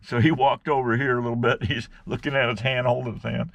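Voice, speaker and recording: A man's voice: mid-range voice, little pitch movement, fast, vocal fry, a bit bright, no room sound, lo-fi sound. A man vlogging from his fishing spot on a bank outdoors, telling a rambling folksy story and calling his viewers "guys". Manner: folksy, rambling, keeps saying "guys" and "right".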